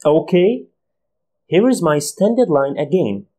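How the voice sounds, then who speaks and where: A man's voice: a little high, expressive, measured pace, dark tone, faint music behind. A man teaching letters and their sounds, patiently repeating each sound for learners. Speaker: Arabic language teacher. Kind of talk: slow, deliberate pronunciation lesson.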